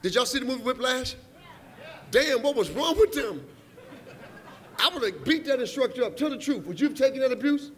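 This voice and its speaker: High-voiced man riffing comedy onstage. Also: expressive, fairly quick, pauses often. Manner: playful, rambling, teasing the musicians directly. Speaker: awards show presenter. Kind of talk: comedic stand-up riffing from the stage. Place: large awards hall, live audience.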